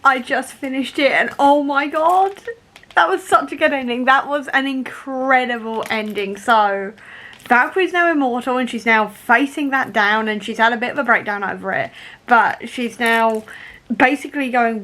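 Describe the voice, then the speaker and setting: A young woman talks in a casual reading vlog, and she is excitable and gushing. Her voice sits a little high and sounds bright and forward. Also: normal speed. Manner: excitable, gushing, emotional, laughs often. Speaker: book vlogger.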